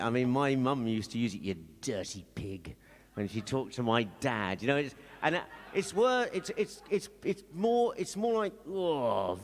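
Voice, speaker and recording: A man from England, a singer-songwriter joking with a live audience between songs in a wry, rambling, self-mocking way. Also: mid-range voice. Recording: live music playing behind.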